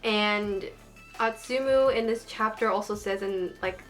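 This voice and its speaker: A woman's voice: medium pitch, measured pace, fairly bright tone, soft background music. A woman chatting casually as a fan, gushing and emotional, with lots of fillers. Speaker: manga fan reviewer.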